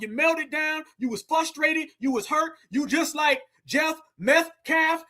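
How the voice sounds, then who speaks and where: A man hosting a livestream, reacting loudly and hyping up his viewers. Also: very high-pitched. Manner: loud, hyped, calls viewers fam. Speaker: livestream host reacting to clips. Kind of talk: hyped livestream commentary.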